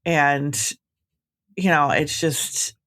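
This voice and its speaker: A woman's voice: sits low, steady tone, drawn-out words, a bit bright. A woman podcast host with a chatty, reassuring way of talking, giving advice in a casual conversation with many "like" fillers.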